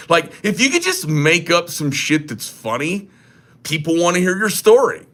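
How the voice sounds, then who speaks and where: A man's voice: a little high, big pitch swings, moderate pace, fairly bright tone. A man who makes knives hosting a casual livestream, rambling and joking crudely. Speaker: knife maker and shop host.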